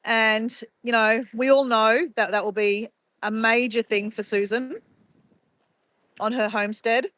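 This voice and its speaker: A chatty woman with a bright, fairly high voice talks live to her viewers from her phone. She walks outdoors at sunrise, reading out chat messages as she goes. The sound is close and dry. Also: fairly even intonation, measured pace, no echo. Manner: chatty, greets viewers by name and reads chat aloud. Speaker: live streamer. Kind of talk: casual live-stream chat.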